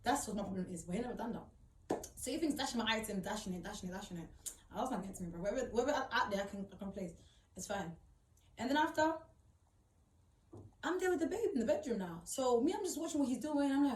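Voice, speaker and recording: A woman's voice: mid-range voice, lively intonation, quick pace, distant mic. A woman tells her own story in emphatic, repetitive, slang-heavy talk. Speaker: storyteller recounting her experience. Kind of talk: personal storytelling. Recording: roomy, voice off-mic.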